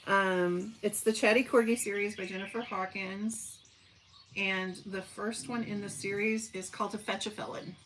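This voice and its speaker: A woman's voice: mid-range voice, fairly even intonation, measured pace, noisy background. Chatty woman from southern Missouri. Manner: chatty, folksy, talks to her dogs. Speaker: livestream host. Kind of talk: casual live chat reading comments.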